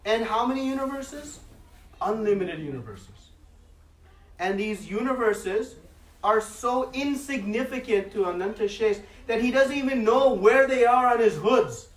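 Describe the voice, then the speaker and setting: A man's voice: very high-pitched, animated, measured pace. A man giving a devotional class, telling a sacred story expressively, with frequent fillers. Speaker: speaker giving a religious class. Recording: echoey hall, mic at a distance.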